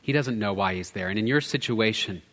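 A man in his thirties preaching a sermon as pastor, earnest, swinging from loud emphasis to hushed, near-whispered lines. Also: on the low side, fairly quick, in a large hall. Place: church sanctuary.

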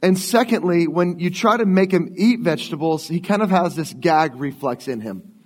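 A man's voice: on the high side, normal speed. A man in his late thirties preaching a sermon as pastor, telling stories in a conversational way. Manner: conversational storytelling. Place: church sanctuary. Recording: long church hall reverb.

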